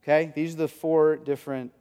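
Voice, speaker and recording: A man preaching a sermon in a lively, conversational way, often acting out voices as he explains. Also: on the high side, fairly quick, clean tone, in a large hall. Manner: animated, conversational, acts out quoted voices. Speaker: pastor.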